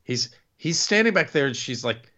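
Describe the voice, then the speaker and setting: A man co-hosting a relaxed chat show, with a lively voice that jumps up and down in pitch. His tone is bright and forward, and he keeps cracking jokes as he recaps. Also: moderate pace, muffled recording. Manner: joking, mimics people in silly voices. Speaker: podcast co-host. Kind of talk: casual chat recapping wrestling.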